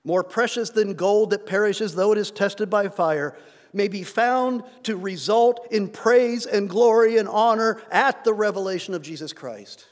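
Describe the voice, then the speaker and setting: Guy preaching a sermon, kinda high voice, earnest, big echoey church sound. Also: unhurried. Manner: earnest, rising when reading scripture.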